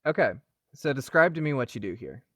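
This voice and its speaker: A man narrating a tabletop game as game master, in a casual, animated way. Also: mid-range voice, fairly quick, no room sound, clean studio sound.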